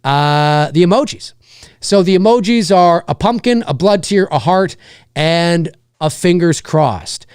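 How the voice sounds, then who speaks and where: A man's voice: fairly high pitch, unhurried, clean tone, dry recording. A male host rants in a loose, profanity-laced way, circling back and restarting his thoughts. His voice swings widely up and down as he talks. The sound is dry and close to the mic. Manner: animated, swearing, rambling with restarts. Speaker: live show host. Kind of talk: casual profanity-laced rant.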